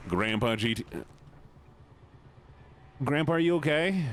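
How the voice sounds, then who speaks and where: A man streaming a game, commenting in an excitable, goofy, joking way. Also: fairly high pitch, moderate pace, pauses often, slight background noise. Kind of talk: gaming livestream commentary.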